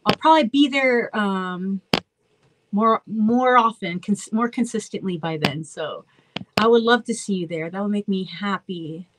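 A woman's voice: medium pitch, unhurried, noisy background. A woman in her thirties with a slightly childlike voice, chatting freely with fans at a virtual meet and greet, rambling and apologizing for talking so much. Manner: chatty, warm-hearted, rambling with self-interruptions. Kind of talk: casual chat with fans. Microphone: phone.

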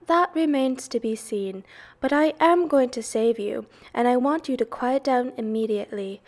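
A woman voicing a calm, brisk female spider in a storybook read-aloud, firm and matter-of-fact. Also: a little high.

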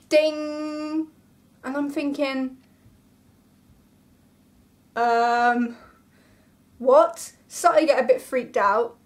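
A young woman vlogger telling a story in a casual, animated way, full of dramatic asides and exclamations. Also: high-pitched.

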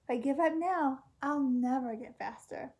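A woman's voice: high-pitched, moderate pace, a little mellow. Woman doing eager, whiny little zebra. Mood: plaintive. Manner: whiny, pleading. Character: young male zebra, small, eager, easily discouraged.

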